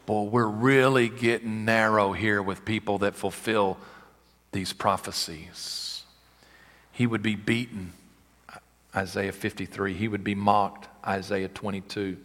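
A male pastor delivers a sermon in a low, forceful, bright-edged voice. He builds to loud, emphatic peaks and drops into hushed, wry asides. The sound carries the long reverb of a large hall. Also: flat delivery, unhurried. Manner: preaching with sudden swells and quiet asides.

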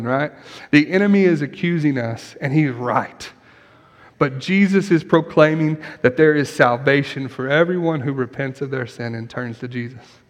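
A man's voice: fairly high pitch, normal speed. Guy pastor preaching earnestly, voice ringing in a big echoey hall. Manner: earnest preaching, drops to quiet prayer. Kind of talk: sermon. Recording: long hall reverb.

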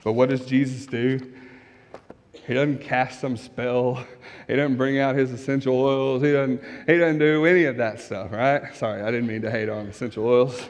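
A man's voice: mid-range voice, steady tone, normal speed, big-room sound. A man preaching a sermon as pastor, in a conversational way, often asking his listeners rhetorical questions. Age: young adult or middle-aged, has kids.

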